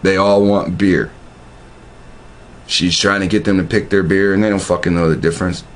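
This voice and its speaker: A man's voice: sits low, steady tone, normal speed, slight background noise. A man telling profane, meandering stories in a casual monologue, often restarting his sentences. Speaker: video host. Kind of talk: casual rambling storytelling.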